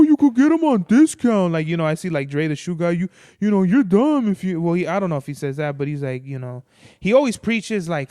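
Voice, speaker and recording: A man's voice: fairly high pitch, clear, resonant tone, no echo, studio quality. A young man casually chatting about his sneakers as a podcast host, laid-back and rambling, swearing freely and filling gaps with "like" and "you know.". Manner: laid-back, profane, rambling with many fillers. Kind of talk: casual sneaker unboxing chat.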